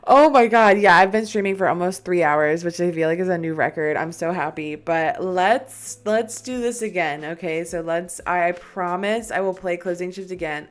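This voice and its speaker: Jittery young woman streamer. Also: on the low side. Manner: nervous, frightened whispers and bursts of chatter. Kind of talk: casual gaming live stream chat. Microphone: desk microphone.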